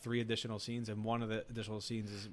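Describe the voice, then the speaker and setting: A man's voice: fairly low pitch, little pitch movement, racing. A man co-hosting a casual movie podcast, retelling scenes and acting out the quotes with frequent laughter. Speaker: podcast co-host.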